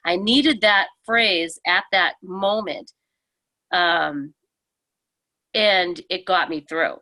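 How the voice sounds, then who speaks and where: A woman on a group video call who shares personal reflections in a thoughtful, halting way. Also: lowish voice, bright, forceful tone, dry recording. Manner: thoughtful, halting, with many fillers. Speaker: book study participant. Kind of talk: casual reflective sharing.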